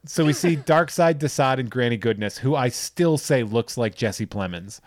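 A man co-hosting a podcast, casually recapping a movie with profanity and quick impressions of the characters. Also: mid-range voice, animated, dry recording, studio quality. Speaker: podcast co-host.

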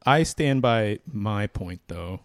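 A man's voice: fairly low pitch, animated, takes it slowly, dry recording, studio quality. A man co-hosting a podcast in casual chat, laid-back, sometimes arguing his points in a mock-formal way. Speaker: podcast co-host.

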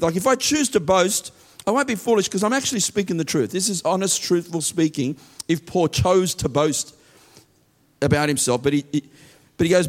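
A man preaching a sermon, reading Bible verses slowly and then explaining them in an earnest way, often repeating and restarting his words. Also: high voice. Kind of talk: sermon teaching from scripture.

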